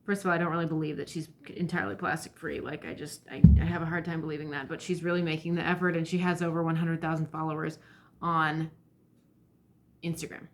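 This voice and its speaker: A woman's voice: sits low, little pitch movement, fast talker, slight background noise. A woman ranting bluntly in a vlog monologue, heated and full of profanity. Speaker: vlogger.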